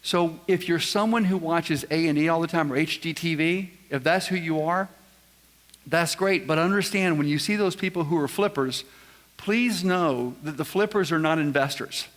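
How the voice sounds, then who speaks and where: A man's voice: a little high, moderate pace, fairly bright tone. A man giving a live seminar talk, quizzing the audience in a folksy, joking way. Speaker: seminar speaker. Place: large event room with audience. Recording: long hall reverb.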